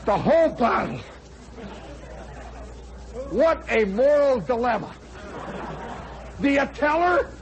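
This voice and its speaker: A man in his forties, a radio host telling a comic personal story in an animated way, now and then shouting for effect. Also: extremely high pitch, slow pace, long pauses, dull audio. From United States. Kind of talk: spoken storytelling monologue. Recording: old radio broadcast with faint crowd and noise.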